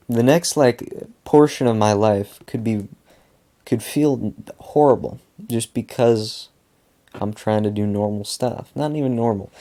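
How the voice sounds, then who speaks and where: A man's voice: mid-range voice, warm tone. A young man venting in a casual monologue, rambling, repeating himself and swearing a lot. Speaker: vlogger.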